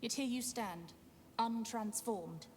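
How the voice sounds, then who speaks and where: A cold Githyanki warrior. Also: female voice, a little high, slow pace, darkish tone, a little hiss or hum. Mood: probing. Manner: imperious, threatening. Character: stern female Githyanki warrior, cold and commanding.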